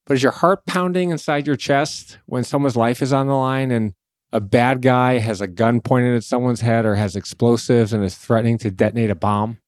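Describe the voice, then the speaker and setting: A man hosting a podcast, asking structured, prepared questions at a measured pace. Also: mid-range voice, a little mellow, dry recording, studio quality. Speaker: podcast host.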